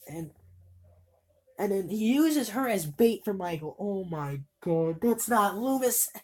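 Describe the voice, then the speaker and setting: Husky-voiced woman ranting about movies. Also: medium pitch. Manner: rambling, exasperated, swears freely. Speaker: horror movie reviewer. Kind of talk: casual spoken movie review.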